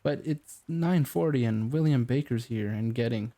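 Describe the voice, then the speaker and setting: A man's voice: medium pitch, moderate pace, dark tone, lightly acted. A man voicing a young female office assistant in an audiobook, speaking earnestly and apologetically. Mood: apologetic. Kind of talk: audiobook character voice.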